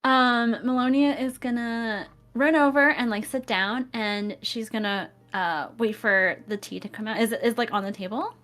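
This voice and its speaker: A woman's voice: fairly high pitch, moderate pace, few pauses, fairly bright tone. A woman playing a tabletop game, describing her character's actions in an eager, playful way. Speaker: player.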